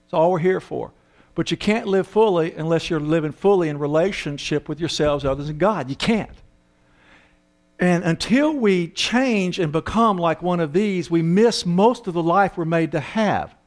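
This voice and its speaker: A man's voice: fairly high pitch, normal speed. An older man who works as a counselor, telling humorous, self-mocking stories and acting out the voices of the people in them. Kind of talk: humorous storytelling talk.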